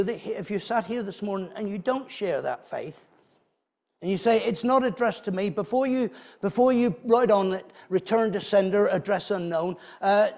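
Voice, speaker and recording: A man's voice: high-pitched, dark tone. A man preaching a conversational sermon in church, asking the congregation rhetorical questions and often restarting his phrases.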